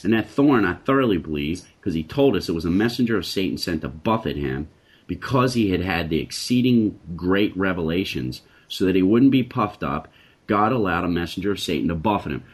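A very deep-voiced man with a husky, rough-edged tone leads a Christian discussion. He talks in an emphatic, preacherly way and hammers his points home by repeating phrases. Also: expressive, a little fast. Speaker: Christian talk show host.

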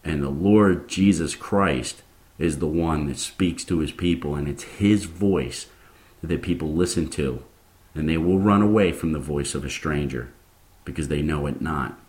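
A man delivering a sermon in a very low, deep voice. He speaks casually to his listeners and turns fired up and forceful as he presses his point. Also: a little slow. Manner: grows impassioned and fired up. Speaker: preacher.

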